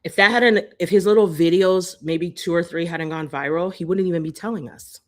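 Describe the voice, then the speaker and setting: A woman's voice: on the low side, a little fast. A woman hosting a live-stream commentary, heated and profane, hammering her points with repeated rhetorical jabs into a phone. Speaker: host.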